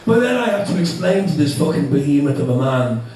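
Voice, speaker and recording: Dublin lad doing standup, sweary, laughs a lot, highish voice, mic far off in a big echoey room. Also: male voice, very animated, brisk, darkish tone. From Ireland. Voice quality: laughs through lines, sweary and self-mocking. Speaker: stand-up comedian. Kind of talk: stand-up comedy set. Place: comedy club stage. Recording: echoey club, mic from afar. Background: audience laughter.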